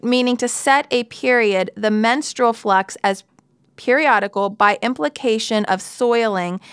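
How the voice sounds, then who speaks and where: A woman's voice: a little high, clean tone, no room sound, clean studio sound. A woman preaching a sermon in an earnest, conversational way, with playful asides.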